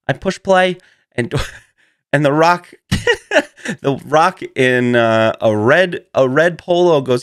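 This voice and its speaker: A man's voice: mid-range voice, expressive, a little slow, a bit bright, no room sound. Guy doing a rambly comedy monologue, laughs a lot, dry close sound. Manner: rambling and playful, laughs often, jumps into goofy voices. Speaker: host.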